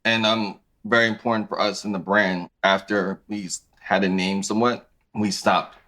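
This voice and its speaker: A man in his thirties, a podcast guest talking about his clothing brand in a relaxed, conversational way. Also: lowish voice, moderate pace. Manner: relaxed, conversational, thinks aloud with restarts. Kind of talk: casual interview chat.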